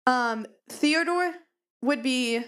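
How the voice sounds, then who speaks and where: A woman's voice: high-pitched, very slow, fairly bright tone. Bubbly young woman, rambling podcast chat. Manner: bubbly, rambling, addresses listeners as "you guys". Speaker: podcast co-host. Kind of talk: casual chat. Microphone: studio mic with pop filter.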